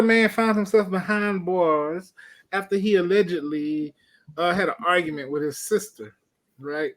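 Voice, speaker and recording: A man's voice: high voice, a little slow. A man co-hosting a casual show, telling a news story with playful jokes. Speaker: co-host. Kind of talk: casual podcast banter.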